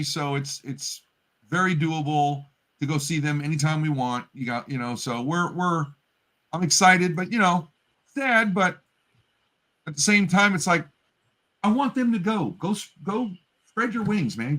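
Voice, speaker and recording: A man in his fifties, a grandfather, telling stories in a casual livestream chat with quick laughs. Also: a little high. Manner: animated storyteller, quick laughs. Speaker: co-host.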